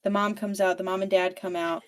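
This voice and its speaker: Animated, foul-mouthed young woman recapping a book. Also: medium pitch, a little fast. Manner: profane, animated storytelling. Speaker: book podcast co-host.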